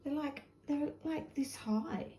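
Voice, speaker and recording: A woman's voice: high voice, slow, warm tone, a little hiss or hum. A woman with an Australian accent chatting casually to camera in her home kitchen, rambling from one thing to the next and laughing often. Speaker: vlogger. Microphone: camera set down nearby. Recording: echoey room.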